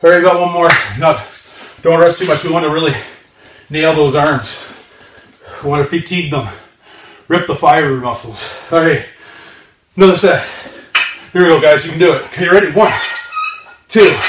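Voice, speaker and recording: A man's voice: on the high side, moderate pace, pauses often, echoey room, distant mic, background noise. A man filming his own workout vlog, counting reps and urging viewers on while out of breath. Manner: encouraging, counts reps with strained exhales. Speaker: fitness vlogger. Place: home gym.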